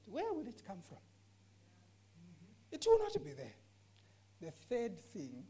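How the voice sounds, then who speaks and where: A woman's voice: medium pitch, darkish tone. A woman teaching scripture during a discussion, earnest and emphatic, often repeating her key phrases. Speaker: bible teacher.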